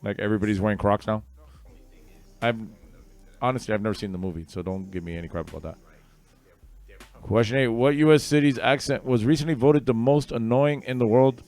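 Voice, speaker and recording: A man's voice: on the low side, brisk, pauses often, darkish tone. Offhand man hosting online trivia. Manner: rambling, offhand asides between answers. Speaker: trivia host. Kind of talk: casual livestream trivia hosting.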